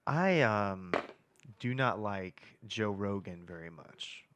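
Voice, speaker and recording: A man chatting on a podcast in a thoughtful, measured way, often stopping and restarting his sentences. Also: on the low side, lively intonation, a bit bright, no room sound. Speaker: podcast co-host. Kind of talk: casual podcast chat.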